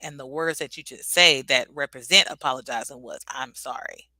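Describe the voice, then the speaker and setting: A woman's voice: rumbling low, fairly quick, sharp tone, no echo. A woman vlogger giving a casual, earnest and reflective motivational talk.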